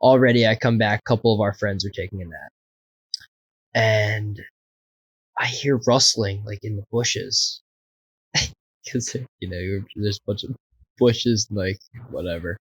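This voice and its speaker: A man's voice: fairly low pitch, a little slow, pauses often, husky, dry recording, rough recording. A man casually telling a wild anecdote, swearing often and laughing as he goes. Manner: profane, laughing, animated anecdote. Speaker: podcast co-host. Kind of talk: casual storytelling.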